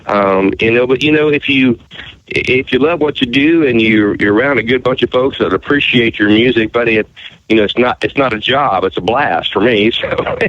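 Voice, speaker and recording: A man's voice: medium pitch, moderate pace, fairly bright tone, highs cut off. A man from southwestern Ohio with an Appalachian country twang, a country singer answering interview questions in a laid-back, folksy way. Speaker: country singer-songwriter, guest. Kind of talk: radio interview.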